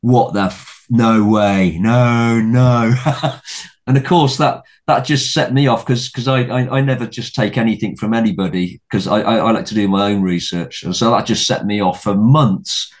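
A man's voice: on the low side, moderate pace. Man, middle-aged, podcast guest, casual storytelling, rambling restarts, blunt and sweary. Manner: rambling, frequent restarts and repeated words.

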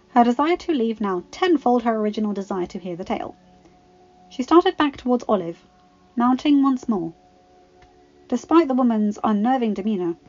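A woman's voice: mid-range voice, darkish tone, lo-fi sound. A woman narrating fan fiction aloud with dramatic expression. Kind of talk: storybook reading.

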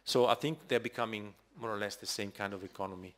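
A man's voice: on the low side, fast talker, fairly bright tone. A man answering a question at a lecture, hesitant and thinking aloud as he speaks. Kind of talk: discussion answer.

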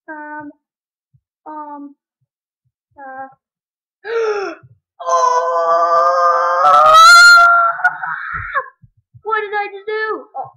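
Woman gamer, very high and bright voice, unhurried, excitable asides to viewers, muffled webcam-mic sound. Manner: excitable, talks to the game and viewers. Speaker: let's play gamer. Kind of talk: gaming commentary to viewers. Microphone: webcam or computer mic.

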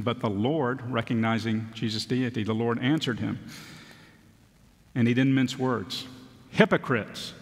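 A male pastor giving a sermon, reading scripture and then explaining it in a relaxed, conversational way with a little self-deprecating humor. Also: medium pitch. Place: church sanctuary. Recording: long church hall reverb.

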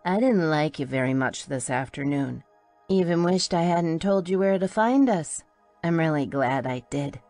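A woman's voice: low-pitched, slow pace, fairly bright tone, no room sound, faint music behind, exaggerated voice. A woman narrator voicing a tipsy young female friend who slurs her words in a bubbly, giddy way. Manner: slurred, bubbly.

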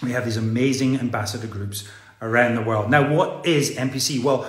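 A man's voice: mid-range voice, steady tone, fairly quick, reverberant. A man hosting an online gala, chatting playfully and reading out fan messages with joking asides. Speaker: gala host.

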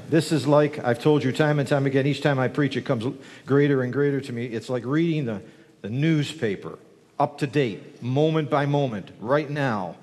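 A man's voice: mid-range voice, moderate pace, a little mellow. Jovial male preacher in a reverberant church. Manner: folksy, joking, then rising in fervor. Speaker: guest preacher. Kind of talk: sermon with jokes. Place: church sanctuary.

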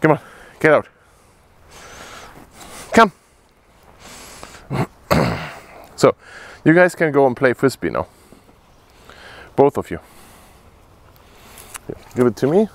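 A man filming a casual dog-training vlog outdoors, giving short firm commands between relaxed asides. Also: mid-range voice, takes it slowly, pauses often.

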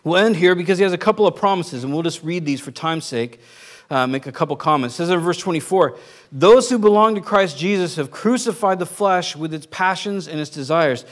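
High-voiced man preaching a casual sermon. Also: expressive, fairly quick. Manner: informal teaching, keeps checking in with the congregation. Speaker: pastor. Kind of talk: conversational sermon.

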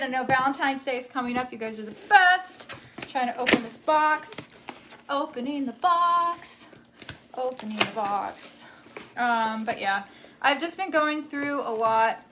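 A young woman with a high voice chats casually on a live stream. She rambles from one thought to the next and reads viewer comments aloud. Faint clicks sit behind her voice. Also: a bit bright, a little hiss or hum.

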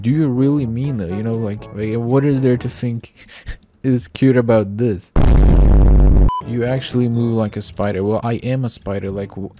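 A man giving excitable, stumbling gameplay commentary as a gaming video host, swearing often and repeating his words. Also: mid-range voice. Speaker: gaming YouTuber.

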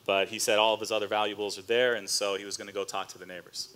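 A man pastor preaching a sermon as a relaxed, conversational story, with casual fillers and slang asides. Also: on the low side, racing, clear, resonant tone. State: choked up near the end.

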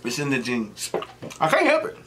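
A middle-aged man talks casually into the camera while he eats, drifting from one joking story to the next. His voice sits at an ordinary pitch, neither high nor low, and he keeps an easygoing, rambling flow. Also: huge pitch swings, moderate pace, background noise. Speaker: mukbang host. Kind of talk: casual chat while eating.

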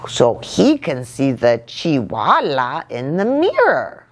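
A woman's voice: rumbling low, huge pitch swings, slow, voice pushed down, heavily acted. A woman voicing a trio of teasing young kitten sisters in a storybook reading. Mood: matter-of-fact.

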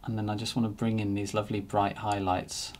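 A man narrating a painting demonstration as he works, relaxed and thinking aloud. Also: on the low side, brisk. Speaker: painting teacher.

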